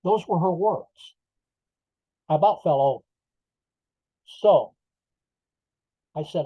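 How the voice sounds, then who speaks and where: A man's voice: fairly high pitch, animated, takes it slowly, long pauses, breathy edge, dry recording. An older man, a podcast guest, telling his story emphatically with rhetorical asides. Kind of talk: interview storytelling. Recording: slightly dull lo-fi audio.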